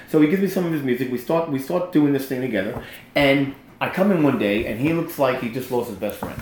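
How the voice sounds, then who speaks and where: A bold, blunt man tells his story with real emphasis, acting out every quote as he goes. His pitch swings widely up and down, and the room around him has a noticeable echo. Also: expressive, fast talker, a little hiss or hum. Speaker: podcast guest telling a testimony. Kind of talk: animated casual storytelling.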